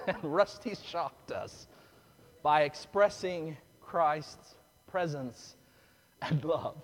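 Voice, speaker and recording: A male pastor delivering a sermon in a fairly high voice, dropping to a hush for earnest points and rising loudly when a story heats up. His voice rings with a long reverb tail from a large church. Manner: storytelling with big swings from hushed to loud.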